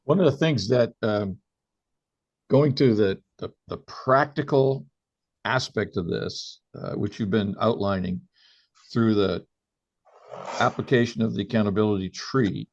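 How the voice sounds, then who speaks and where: A man hosting a podcast, speaking reflectively and haltingly with many restarts. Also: fairly low pitch. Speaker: podcast host. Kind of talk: podcast conversation. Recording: dull lo-fi sound.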